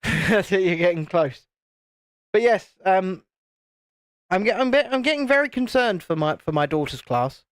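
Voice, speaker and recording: Wry British host, lively delivery. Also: mid-range voice, normal speed, long pauses, no room sound, studio quality. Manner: wry, teasing banter with the chat. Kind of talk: live-stream chat while building a model.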